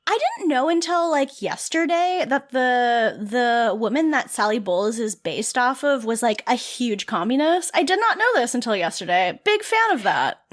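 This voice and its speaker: A young woman co-hosting a podcast in casual chat, animated and sweary, with lots of "like" fillers. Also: on the high side, normal speed. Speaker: podcast co-host.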